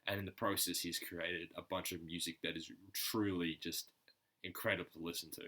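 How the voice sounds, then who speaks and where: A man with a deep, low voice and a sharp, tense edge talks through a music reaction video. He stumbles over his words, restarts often and leans on fillers, sounding earnest and choked up. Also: level tone, brisk. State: choked up, emotional. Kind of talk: casual reaction commentary.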